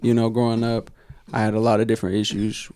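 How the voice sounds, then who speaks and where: A man's voice: lowish voice, monotone, quick pace, a little mellow. A man co-hosting a podcast, talking in a casual, slangy way and opening up about family and friendship. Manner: laid-back, slangy, emotional when talking about family. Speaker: podcast co-host. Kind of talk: casual chat.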